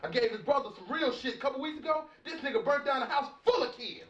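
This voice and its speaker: A man's voice: very high voice, quick pace, fairly bright tone, lo-fi sound. An actor playing a boastful, ranting male uncle who deals crack, cursing and laughing through blustery threats. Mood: boasting. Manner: profane, blustering, laughing rants. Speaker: uncle and drug dealer.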